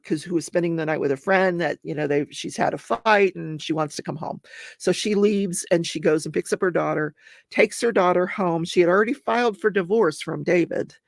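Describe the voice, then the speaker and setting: A woman's voice: fairly low pitch, gravelly, no room sound, studio quality. A middle-aged woman hosting a live stream, recapping a true-crime case in a rambling way and chatting with viewers. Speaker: host of a live crafting and true-crime channel. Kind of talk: casual live-stream chat.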